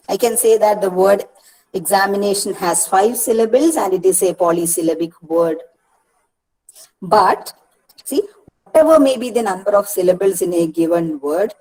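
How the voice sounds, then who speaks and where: Patient woman lecturing, slow repeated examples. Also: medium pitch, a little mellow, poor audio. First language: Malayalam. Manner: explains patiently, repeats words slowly, corrects herself. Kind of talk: recorded lecture.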